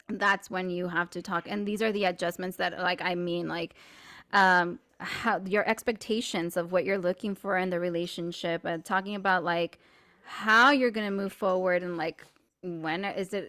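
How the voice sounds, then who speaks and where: A woman co-hosting a podcast, telling a personal story in casual chat, saying "like" a lot and getting animated and laughing as she goes. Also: mid-range voice. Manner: chatty, fills speech with "like"; animated and laughing while retelling stories. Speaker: podcast co-host.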